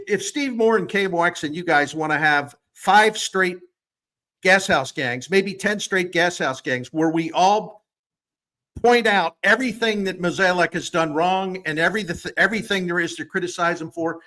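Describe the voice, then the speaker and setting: A man's voice: sits high, normal speed, sharp tone. A man co-hosting a sports talk show, ranting with heat and sarcasm and getting worked up. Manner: heated, sarcastic rants. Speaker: sports radio co-host.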